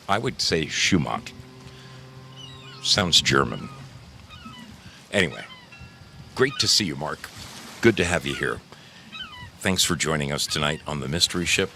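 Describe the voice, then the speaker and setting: Deep-voiced, animated man hosting a livestream. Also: measured pace, vocal fry, pauses often, a little hiss or hum. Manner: playful, effusive, calls viewers darling. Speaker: livestream host. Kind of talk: casual livestream chat greeting viewers.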